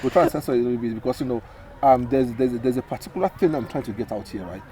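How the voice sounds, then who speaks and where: A man co-hosting a casual talk show, animated and exclaiming, with many fillers and restarts. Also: medium pitch, very fast. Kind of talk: casual podcast chat.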